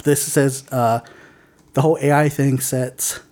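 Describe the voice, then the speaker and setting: A man's voice: mid-range voice, fairly even intonation, measured pace, a little mellow. A man co-hosting a casual podcast, reading news items aloud with lots of fillers and stumbles. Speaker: podcast co-host.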